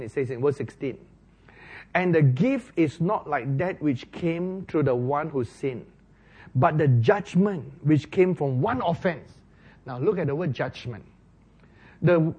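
A man preaches at a deliberate, slow pace, his voice sitting fairly high for a man. He leans hard on key words and keeps turning questions back to his listeners. The recording is dull and lo-fi. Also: breathy edge. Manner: slow, emphatic, rising to loud stresses on key words. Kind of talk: sermon with Bible exposition.

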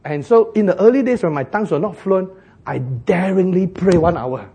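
A man preaching a sermon, joking and laughing often and breaking into loud bursts. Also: sits high, lively intonation, normal speed, husky.

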